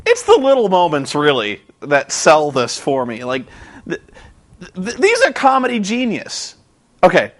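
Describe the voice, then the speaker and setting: A man's voice: sits high, wildly swooping pitch, measured pace. A man rambling in a sarcastic, exasperated vlog commentary on a wrestling show. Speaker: vlogger reviewing a wrestling show.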